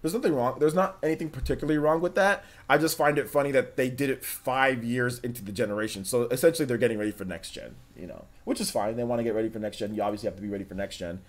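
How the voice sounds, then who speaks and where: Over faint background music, a man livestreams in a medium-pitched voice, talking quickly with few pauses. He rambles casually, leans heavily on fillers, and speaks straight to his chat.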